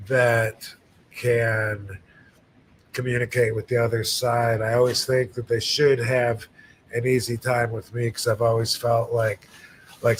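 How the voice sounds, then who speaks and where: A man's voice: medium pitch, a little hiss or hum, rough recording. A man, hosting a casual podcast chat and telling stories with many fillers and restarts. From Michigan, United States. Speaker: podcast host.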